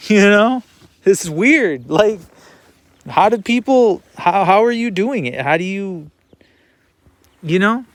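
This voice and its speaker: A man muses out loud in a slow, unhurried ramble, circling back over his own words and dropping the odd swear. His voice sits a little high for a man and sounds smooth and clean. It is recorded dry and close, with no room sound. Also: lively intonation, no room sound. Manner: rambling, repeats himself, swears. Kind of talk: personal monologue.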